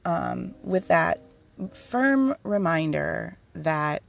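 A woman's voice: lowish voice, expressive, measured pace, creaky. A woman hosting a podcast in a casual, candid monologue, laughing often as she shares. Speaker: podcast host.

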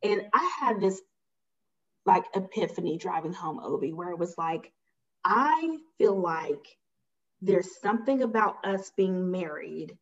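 With a lowish, expressive voice and a measured pace, a woman guest shares something personal, casual and emphatic, dramatizing the dialogue she recalls. The recording comes through slightly muffled.

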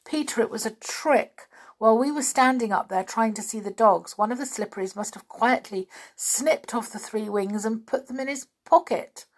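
A woman's voice: fairly high pitch, moderate pace, voice pushed up, natural voice. A woman voicing an anxious, earnest young girl in a children's storybook. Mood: upset.

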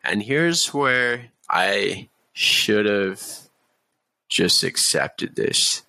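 A man in his thirties tells a story in a slow, unhurried drawl, loose and full of fillers. His voice is low and gravelly. The sound is close and dry, with no room echo. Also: lively intonation, pushed and bright. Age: 30s. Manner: laid-back, swears freely, many fillers. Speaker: podcast guest. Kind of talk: casual storytelling.

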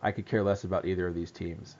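A man co-hosting a casual podcast chat, animated, laughing and swearing freely. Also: low voice, fast, highs cut off. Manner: animated, profane, laughs often. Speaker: podcast co-host.

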